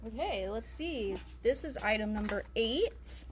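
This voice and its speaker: A woman co-host helps run a live sale from a vintage store. Her voice sits a little high, and she keeps to short lines, reading out what each item is and what it costs. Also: lively intonation, measured pace, slight background noise. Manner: brief, reading out tags and prices. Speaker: co-host reading items and prices. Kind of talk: live shopping sales pitch.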